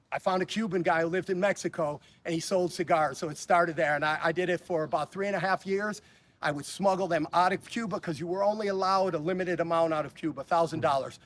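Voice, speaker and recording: A man, telling stories in a casual interview, blunt and profane, often stammering and restarting his sentences. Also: high voice. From Chicago. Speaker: interview guest.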